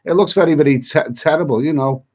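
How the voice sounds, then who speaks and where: Husky man chatting on a lo-fi stream. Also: on the high side, fast, a little mellow. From Britain. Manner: chatty, rambling, repeats his words, stumbles and restarts. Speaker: travel vlogger hosting a live chat. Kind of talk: live-stream chat, reading viewer comments.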